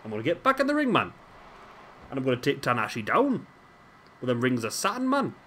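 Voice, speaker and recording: A man's voice: mid-range voice, huge pitch swings, fast talker, a bit bright, slight background noise. A man putting on a Geordie accent to play a cocky male wrestler who tacks "man" and "like" onto his lines. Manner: boastful, dropping "man" and "like" at line ends.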